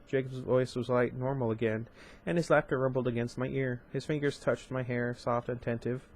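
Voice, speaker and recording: A young man reads a novel aloud at home-channel pace, his voice sitting in an ordinary middle pitch. Between passages he drifts into casual commentary, full of ums and restarts. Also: steady tone, brisk, hardly any pauses. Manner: casual, chatty asides with fillers and restarts. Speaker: audiobook reader and channel host. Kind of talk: amateur book reading with commentary.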